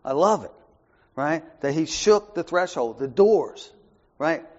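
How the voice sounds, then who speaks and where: A man with a slightly high voice leads a laid-back Bible study, animated yet slow-paced, alternating soft asides with raised emphasis and checking in with "right?" again and again. The recording sounds muffled and lo-fi.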